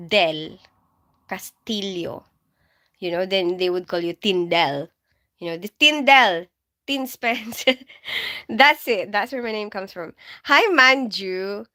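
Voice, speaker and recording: Woman, livestream host, rambling casual chat, bright tense tone. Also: mid-range voice, slow pace, pauses often. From Philippines. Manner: chatty and rambling, laughs often, fillers like "you know". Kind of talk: casual live-stream chat, reading viewer comments aloud.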